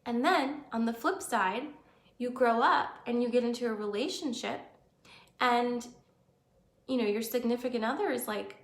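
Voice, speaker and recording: A woman's voice: on the high side, moderate pace, roomy sound. Earnest woman talking on a live stream. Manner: earnest, conversational, reads out viewer comments. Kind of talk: casual live-stream talk.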